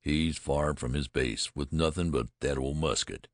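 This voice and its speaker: A man voicing a gruff, hot-tempered frontier trapper. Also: very deep voice, fairly even intonation, unhurried, no echo, studio quality.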